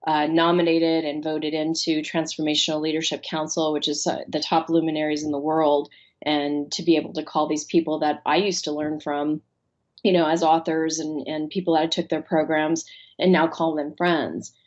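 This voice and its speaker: A woman coach talks as a podcast guest, her voice a little low and the sound dull and muffled. She tells stories with energy and puts on the voices of the people she quotes. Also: moderate pace. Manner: animated storyteller, acts out quoted voices. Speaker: guest, life coach and author. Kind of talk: podcast interview.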